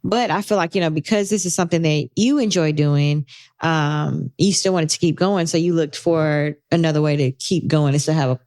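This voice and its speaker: A woman's voice: low voice, brisk, darkish tone, dry recording, studio quality. A woman co-hosting a casual podcast, giving thoughtful, rambling answers full of "you know.". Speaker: podcast co-host.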